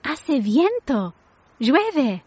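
Woman doing Tilly, a high eager little tortoise. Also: very animated, drawn-out words, darkish tone, dry recording, full character voice. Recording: dull lo-fi dry recording.

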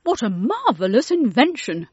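A woman's voice: medium pitch, lively intonation, measured pace, a little mellow, slightly rough, dull audio. A woman doing an eager old-time male inventor. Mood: excited. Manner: eager, wondering exclamations.

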